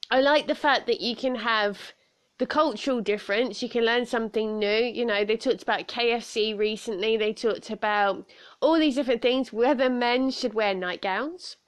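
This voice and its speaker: Giggly woman with a southern English accent. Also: on the high side. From south of England. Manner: chatty, giggly, rambling. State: stuffed-up nose. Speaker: podcast host. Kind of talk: casual solo podcast chat.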